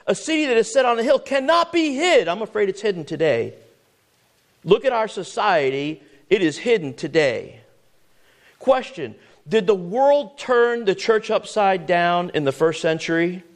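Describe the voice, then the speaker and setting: A man preaching a sermon, full of rhetorical questions and scripture read in old-fashioned wording, stumbling and repeating words as he drives his points home. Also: high voice. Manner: emphatic, rhetorical questions, swings to hushed tones; repeats words and restarts often.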